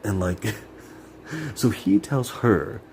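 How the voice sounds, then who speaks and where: A man's voice: lowish voice, lively intonation, extremely slow, a little mellow, slight background noise. A man venting in a personal monologue, rambling and bitter, swearing and filling his talk with "like". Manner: rambling, profane, many "like" fillers; emotional, bitter. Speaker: vlogger.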